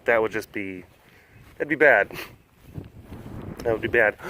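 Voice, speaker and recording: A man's voice: fairly low pitch, very animated, slow, pauses often, bright, forceful tone. A man vlogging as he walks around an animal compound, chatting, joking and cooing at the cats. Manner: chatty, jokey, coos at the animals. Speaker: big cat sanctuary vlogger. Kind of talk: casual vlog narration. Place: outdoor wildlife compound.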